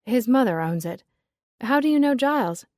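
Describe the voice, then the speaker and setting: A woman's voice: on the high side, lively intonation, moderate pace, a little mellow, dry recording, clean studio sound, voice pushed up, lightly acted. A woman voicing a curious American woman who presses a stranger with questions, in an American accent. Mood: probing. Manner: eager, probing.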